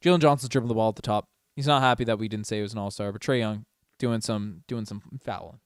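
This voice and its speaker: A man giving casual, partisan play-by-play on a fan livestream, moving from low mutters to loud excited shouts. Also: fast, hardly any pauses, smooth, no room sound, clean studio sound. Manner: excitable, swings from mumbling to shouting. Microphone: desk microphone.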